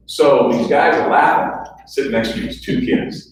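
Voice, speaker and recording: A man's voice: medium pitch, brisk, a little hiss or hum. A middle-aged man, a guest speaker telling chatty, self-mocking stories with quoted dialogue at a club lunch. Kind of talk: storytelling talk at a club lunch. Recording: echoey room heard from a distance.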